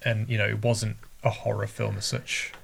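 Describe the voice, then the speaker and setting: A man chatting casually about old films, jokey and quick to laugh. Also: lowish voice, little pitch movement, gravelly, a bit bright, slightly rough. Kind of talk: casual film podcast chat.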